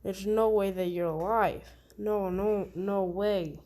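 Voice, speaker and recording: A woman voicing a hot-tempered teenage boy in a casually told fan story, her delivery slow. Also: mid-range voice, steady tone, dark tone, natural voice. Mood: shocked.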